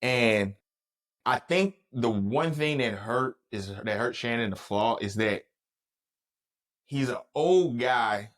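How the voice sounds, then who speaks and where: Dude on a podcast, easygoing slang, riffs and does little voices, mid-pitched. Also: male voice, lively intonation, slow, a bit bright. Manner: loose, slangy storytelling with playful voice impressions. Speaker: podcast co-host. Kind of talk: casual chat.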